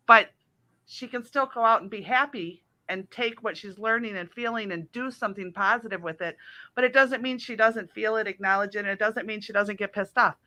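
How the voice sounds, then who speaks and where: A middle-aged woman hosting a casual talk show, telling animated stories and laughing often. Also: mid-range voice, brisk. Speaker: host. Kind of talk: casual chat.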